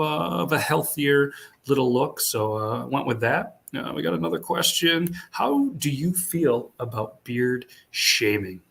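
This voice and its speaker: A man from upstate New York hosting a casual chat, relaxed and rambling with lots of fillers. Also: medium pitch, vocal fry. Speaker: podcast host. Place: hotel room.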